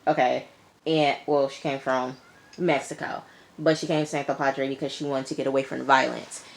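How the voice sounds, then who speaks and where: A woman casually recapping a TV episode, chatty and animated, calling her listeners y'all and girl and acting out the characters' lines. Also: a bass voice, normal speed, vocal fry, a little hiss or hum. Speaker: TV episode reviewer.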